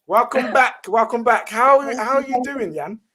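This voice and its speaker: A man's voice: very high-pitched, animated, moderate pace. A man hosting a casual football chat show, hyped and slangy. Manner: hyped, slangy, shout-outs. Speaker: host.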